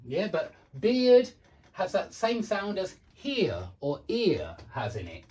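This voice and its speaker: Native English-speaking man as pronunciation teacher: slow, animated intonation, patient word-by-word drilling. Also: high-pitched. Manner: drills words slowly, repeating them for practice. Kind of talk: online pronunciation lesson.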